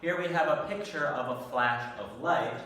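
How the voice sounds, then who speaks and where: A man leads a recorded English vocabulary lesson, enunciating each word slowly and patiently. His voice is bright and clear-toned. It echoes heavily around a bare room, picked up from a little way off the mic. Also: mid-range voice, far from the mic, a little hiss or hum. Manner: slow, patient, clearly enunciated teacher talk. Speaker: ESL teacher.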